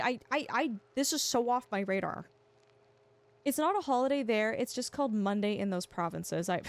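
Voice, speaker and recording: A young woman streaming a game, chatting with her viewers and often restarting her sentences. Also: fairly high pitch. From Canada. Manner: chatty, answers chat, stammers and restarts. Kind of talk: casual livestream chat.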